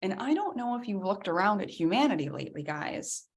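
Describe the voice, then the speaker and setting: A woman wellness coach giving an energetic, emphatic workshop talk, speaking directly to her audience and calling them guys. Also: mid-range voice, brisk.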